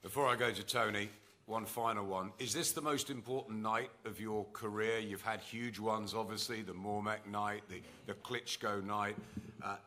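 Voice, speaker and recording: Forceful male presenter asking questions. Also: on the low side, steady tone, normal speed. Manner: direct, builds up each question. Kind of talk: press conference questions. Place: press conference.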